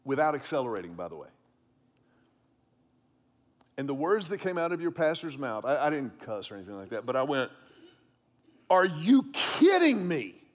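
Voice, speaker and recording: A male pastor, preaching a sermon in an animated, conversational way with self-deprecating humor. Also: medium pitch, fairly quick, pauses often.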